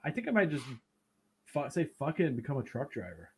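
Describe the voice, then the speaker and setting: Male host, slightly high voice, rambling casual storyteller, swears freely. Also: wildly swooping pitch, fairly quick, a little mellow, slight background noise. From Italian heritage. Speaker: podcast host. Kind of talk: casual chat.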